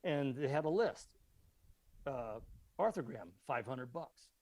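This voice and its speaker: A man's voice: medium pitch, slow, no echo. A middle-aged man, a podcast guest who publishes a magazine, telling a long personal story in casual talk and acting out both sides of each conversation. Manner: animated anecdote teller who acts out both sides of conversations.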